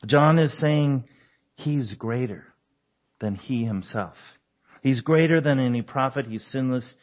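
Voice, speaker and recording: A man's voice: mid-range voice, unhurried, dull audio. A man preaching a conversational sermon, asking the congregation questions and chuckling often. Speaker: pastor.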